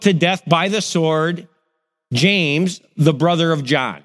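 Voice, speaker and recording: A man's voice: on the high side, takes it slowly, in a large hall. A middle-aged male pastor, telling stories in a sermon and acting out the voices in them. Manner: animated storyteller, acts out quoted voices. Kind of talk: sermon with personal storytelling.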